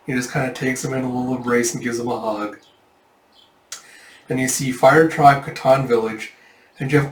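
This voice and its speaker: A man's voice: mid-range voice, steady tone, normal speed, long pauses. A man casually narrating a manga read-through, rambling and self-deprecating with many fillers. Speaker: manga reader. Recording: echoey room, distant mic.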